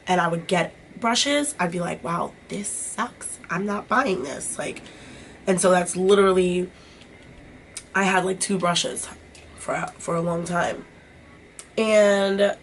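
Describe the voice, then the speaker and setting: A woman's voice: lowish voice, a bit bright, a little hiss or hum. A young woman vlogger chatting casually while doing her makeup, swearing freely and filling her talk with "like". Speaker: beauty vlogger.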